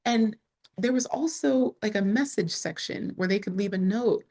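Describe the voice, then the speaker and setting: A woman being interviewed, telling her story in a casual, expressive way with lots of fillers, sometimes close to tears. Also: mid-range voice, normal speed, gravelly. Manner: expressive, frequent "like" fillers, rises sharply when excited. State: emotional, near tears at times. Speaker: entrepreneur guest.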